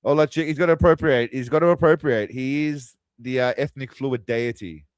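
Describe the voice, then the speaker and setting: A man's voice: medium pitch, normal speed, clear, resonant tone, no echo. A man hosting a crude, mocking movie commentary, tossing out quiz-style asides. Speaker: host. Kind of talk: sarcastic movie riffing commentary.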